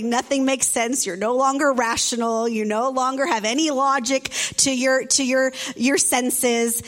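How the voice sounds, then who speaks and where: A woman pastor preaches in a high, light voice, telling a story and acting out the people in it. She breaks into quick asides to her listeners and talks to them directly. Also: fairly bright tone. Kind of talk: sermon.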